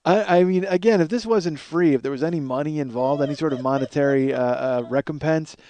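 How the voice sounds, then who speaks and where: This podcast host is a man with a fairly high, dark-toned voice who speaks briskly. He rambles alone, mocking himself, swearing constantly, yawning from tiredness and frequently starting over.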